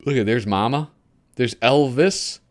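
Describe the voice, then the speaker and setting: A man's voice: medium pitch, measured pace. A male host giving casual live commentary while flipping through a magazine. He rambles, gropes for names and chuckles often.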